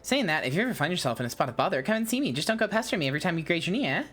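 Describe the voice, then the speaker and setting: A woman's voice: on the low side, sing-song, racing, fairly bright tone. A woman voicing a brusque, earthy female guild master in a put-on English accent, with blunt, slangy patter. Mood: teasing.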